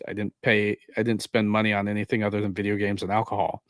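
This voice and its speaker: A man's voice: lowish voice, fast talker, dry recording, studio quality. Laid-back man in a casual gaming chat. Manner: relaxed listener, frequent mm-hmms, wry asides. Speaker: podcast co-host.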